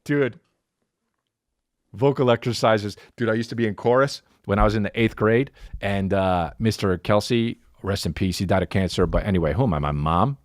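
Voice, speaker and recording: A man in his thirties hosting a podcast, ranting through a comic story with lots of swearing and sudden jumps into silly high voices. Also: fairly quick, few pauses, dry recording, clean studio sound. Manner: animated storytelling, profane, jumps into mock voices and high sung syllables. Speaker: podcast host. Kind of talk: comedic rant.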